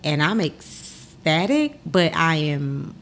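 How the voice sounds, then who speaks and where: A woman's voice: low-pitched, slow pace, a little hiss or hum. A young adult woman hosting a podcast, telling a personal story in casual talk and acting out the voices of the people in it. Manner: animated, acts out the voices of people in her story. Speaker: podcast host.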